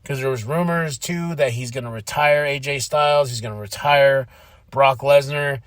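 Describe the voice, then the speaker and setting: A man hosting a podcast, recapping a wrestling show in casual chat, excitable and acting out what people said. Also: mid-range voice, moderate pace, dry recording, clean studio sound. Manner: excitable, acts out quotes. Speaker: podcast host.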